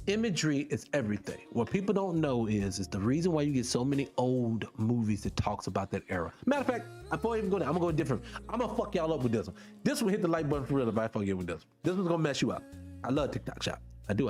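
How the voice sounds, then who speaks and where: A man hosting a casual monologue for his viewers, firing off rhetorical questions and the odd swear word in an animated way. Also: mid-range voice, quick pace, faint music behind. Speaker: podcast host.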